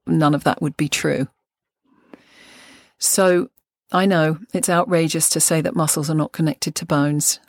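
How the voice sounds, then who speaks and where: An older woman in a measured, thoughtful way, explaining fascia and anatomy on a podcast. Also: low voice, fairly even intonation, no room sound, clean studio sound. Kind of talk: podcast lesson.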